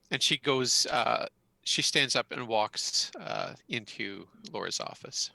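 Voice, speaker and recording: A man's voice: medium pitch, animated, slow, vocal fry, pushed and bright, poor audio. A man narrating a tabletop roleplaying game as game master, rambling with many fillers. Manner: rambling, full of fillers and restarts.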